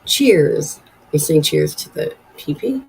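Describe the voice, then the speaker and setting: A woman's voice: low-pitched, lively intonation, slow, gravelly, breathy edge, low-quality recording. A woman in her forties hosting a casual live stream from home, rambling and chatty as she reads viewer comments aloud. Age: 40s. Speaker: livestream host.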